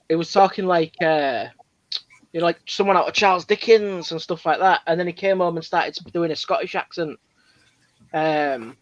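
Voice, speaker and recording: A man's voice: fairly high pitch, no room sound, muffled recording. Easygoing man telling anecdotes. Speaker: guest. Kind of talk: casual live-stream chat.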